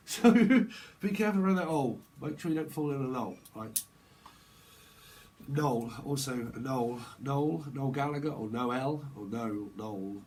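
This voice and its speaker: A man's voice: mid-range voice, moderate pace, darkish tone, rough recording. A man giving a casual, rambling tarot reading, laughing often and using slang. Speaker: tarot reader.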